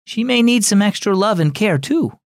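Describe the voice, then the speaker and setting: A man voicing a calm, kind father in a children's devotional story, reassuring. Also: sits high, normal speed, no room sound, studio quality, pitched above the performer's own voice.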